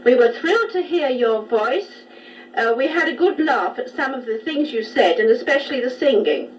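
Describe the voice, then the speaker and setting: A woman's voice: sits high, lively intonation, normal speed. A middle-aged woman, a new grandmother, chatting proudly on a taped family letter. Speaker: aunt and new grandmother sending a taped message. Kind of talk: spoken letter on tape. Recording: distant home tape recording with hiss.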